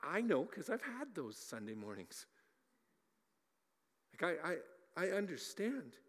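A man's voice: high-pitched, measured pace. Male pastor preaching in an echoing hall. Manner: animated, repeats words often, acts out voices. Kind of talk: sermon.

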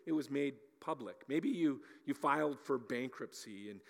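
A man preaching a sermon as a pastor, animated, often repeating words as he talks and acting out little scenes. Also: medium pitch, moderate pace, gravelly, big-room sound.

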